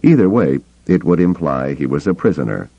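A man voicing a calm, steady young male hero in an audiobook, speaking quietly and measured. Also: very deep voice, gravelly, heavily acted. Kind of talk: audiobook character voice. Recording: dull lo-fi cassette tape.

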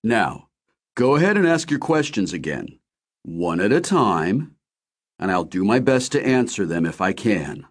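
A man voicing a mild-mannered middle-aged man who speaks calmly and soothingly. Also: lowish voice, unhurried. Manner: soothing, patient.

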